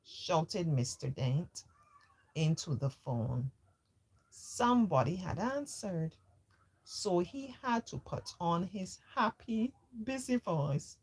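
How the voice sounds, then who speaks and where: Husky, lively woman reading a children's story. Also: deep voice, slow. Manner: lively storyteller, voicing characters and adding chatty comments. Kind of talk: reading a children's book aloud with asides.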